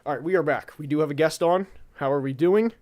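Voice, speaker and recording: A man's voice: fairly high pitch, fast talker, highs cut off. A young man hosting a casual football podcast, rambling with lots of fillers and restarts. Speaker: podcast host.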